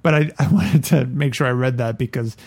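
A man co-hosting a podcast in casual chat, playful and quick to laugh. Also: medium pitch, vocal fry, darkish tone. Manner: playful, laughs often, reads passages aloud with put-on voices. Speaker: podcast co-host.

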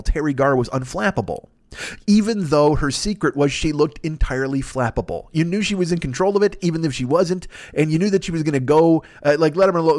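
A man hosting a podcast, telling stories in a rambling, profane, excitable comedic monologue. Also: mid-range voice, dry recording, studio quality. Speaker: podcast host.

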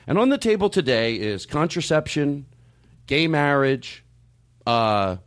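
A man hosting a podcast, talking in a halting, rambling way with many restarts and fillers, with a hint of sarcasm. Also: a little high, big pitch swings. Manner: openly sarcastic at times. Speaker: podcast host. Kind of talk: casual discussion.

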